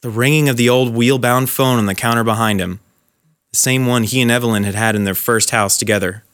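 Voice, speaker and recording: A man narrating a dramatic short story in a measured, scripted way. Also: medium pitch, steady tone, a bit bright.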